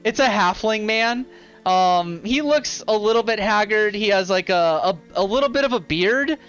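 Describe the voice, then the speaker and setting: Game master, tabletop narration, casual, rambling, smooth voice, slightly muffled, faint music. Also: medium pitch, expressive, normal speed, fairly bright tone. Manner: casual, filler-heavy storytelling. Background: ambient fantasy music.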